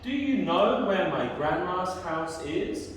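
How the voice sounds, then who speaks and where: A woman's voice: lowish voice, expressive, slow pace, slight background noise. Red Riding Hood, a curious little girl, as a woman plays her. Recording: echoey room from far off.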